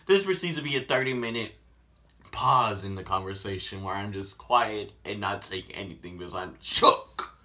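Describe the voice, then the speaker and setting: A man telling a story in a casual vlog, animated and sarcastic. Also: lowish voice, moderate pace. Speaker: vlogger.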